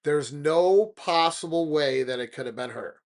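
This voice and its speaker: A man voicing the calm, grave sister of a neighbor, speaking in a quiet, low, flat way. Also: measured pace. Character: calm, grave woman, sister of the cat lady.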